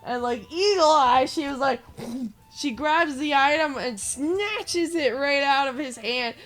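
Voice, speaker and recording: A young woman hosting a gaming channel, telling a rambling story with lots of filler words and getting animated as she goes. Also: high-pitched, slow pace, soft background music. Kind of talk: casual rambling commentary over gameplay.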